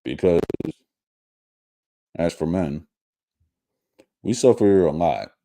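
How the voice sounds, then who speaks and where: A man hosting a casual live stream, talking in a halting way with many restarts and fillers. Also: low-pitched, lively intonation, mellow. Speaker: show host.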